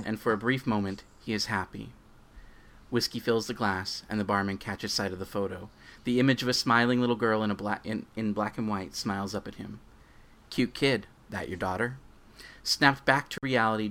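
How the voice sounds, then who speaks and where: A man with a fairly low voice hosts a podcast, talking casually and reading a short story aloud. Between remarks he comes across as chatty and upbeat. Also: fairly bright tone. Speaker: podcast host.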